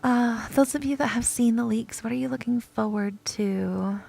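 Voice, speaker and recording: A young woman streaming a video game, chatting to her viewers in an excitable, dramatic way, gushing over cute items and groaning at losing them. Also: fairly high pitch, normal speed, vocal fry. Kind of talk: casual gameplay chat to viewers.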